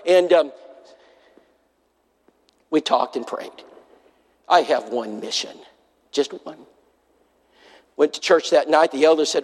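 A man preaches to a congregation, telling a personal story with earnest feeling. His voice sits a touch high for a man. The sound rings with the long reverb of a large church hall. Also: moderate pace, long pauses, a little mellow. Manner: earnest, acts out quoted voices. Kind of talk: sermon storytelling.

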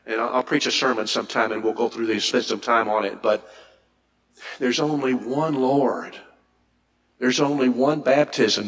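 Guy preaching a sermon, reads verses then riffs on them, voice jumps up when he gets going, asks the crowd stuff. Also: fairly bright tone. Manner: reads scripture aloud and comments, rising pitch when emphatic; repeats words and restarts, asks the audience questions.

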